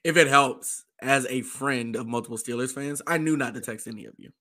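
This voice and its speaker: Easygoing man with a bright voice. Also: mid-range voice, brisk. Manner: easygoing, laughing listener. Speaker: podcast co-host. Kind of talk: casual sports chat.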